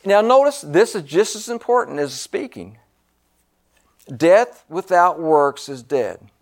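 A man preaching a sermon in a slightly raised voice. He talks slowly and pushes hard on key words. He repeats phrases for effect and drops from loud emphasis into hushed asides. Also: sits high, big pitch swings.

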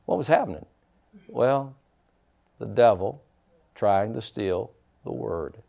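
A pastor delivering a sermon, preaching emphatically and breaking into dramatic shouts. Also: male voice, fairly low pitch, expressive, slow pace, creaky.

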